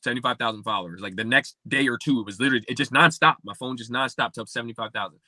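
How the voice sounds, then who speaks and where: Fast, bright-voiced man telling his story. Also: medium pitch, no room sound. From Pennsylvania. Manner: animated, acts out quoted speech, many fillers like "like". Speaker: podcast guest. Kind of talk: casual storytelling interview.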